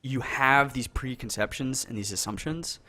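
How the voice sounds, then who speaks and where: A man's voice: mid-range voice, normal speed, bright, forceful tone. A man co-hosting a casual podcast over a call, talking earnestly in rambling runs with many restarts. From North America. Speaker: podcast co-host. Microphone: call recording.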